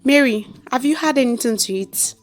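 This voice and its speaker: A woman's voice: high voice, normal speed, faint music behind, voice pushed up, lightly acted. Harry, an eager charming student, voiced by a woman. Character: attentive charming young male student.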